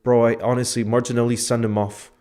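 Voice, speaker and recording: A man's voice: medium pitch, level tone, quick pace, mellow. A man live-reacting to a football match for his viewers, emotional and outspoken, often saying "bro" as he swings between outrage and glum reflection. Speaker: football fan streamer. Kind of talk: live match watchalong commentary.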